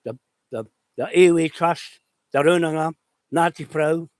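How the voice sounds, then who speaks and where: Angry declamatory man, high voice, dry. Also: normal speed, a little mellow, no echo, poor audio. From New Zealand. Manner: declamatory, listing names in short bursts, angry. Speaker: vlogger making a live video. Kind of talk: impassioned live monologue. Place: outdoors on his land.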